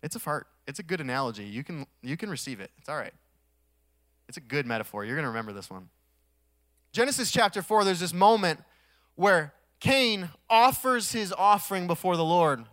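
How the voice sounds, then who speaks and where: A man preaching a sermon in a conversational way, swelling to emphatic peaks and dropping to quiet asides, with touches of humor. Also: a little high, big pitch swings, fairly quick, dry recording, studio quality. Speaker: pastor.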